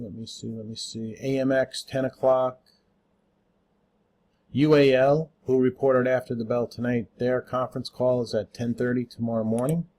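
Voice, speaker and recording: A man with a mid-range, slightly mellow voice hosts a relaxed daily rundown of the stock market. Unscripted and full of "uh" fillers, he spells out tickers letter by letter.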